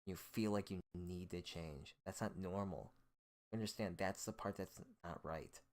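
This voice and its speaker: A man's voice: sits low, unhurried. A man hosting a solo show, delivering a hostile, profane, scornful rant. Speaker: host.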